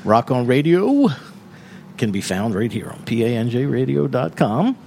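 A man hosting a studio radio show jokes and laughs often between announcements in a lively announcer style. His mid-range voice is gravelly and moderately paced, with background noise present.

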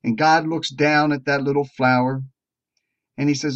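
A man tells a sermon parable to a recovery group, slow and drawn out, with emphatic rises on key words. His voice sits a little high. The recording sounds dull and lo-fi. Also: flat delivery. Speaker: preacher at a recovery meeting. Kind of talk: sermon storytelling.

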